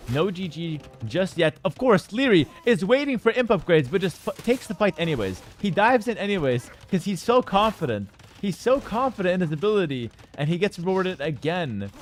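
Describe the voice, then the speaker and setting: A man casting a strategy game tournament live, casual and opinionated, breaking into excited shouts at big plays. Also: fairly high pitch. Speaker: esports caster.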